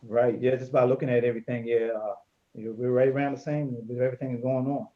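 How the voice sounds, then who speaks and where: Guy at the county meeting talking real quick, lots of uhs, muffled sound. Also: medium pitch, level tone. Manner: quick, loose, filler-heavy. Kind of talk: public meeting discussion. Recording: dull lo-fi audio from off-mic.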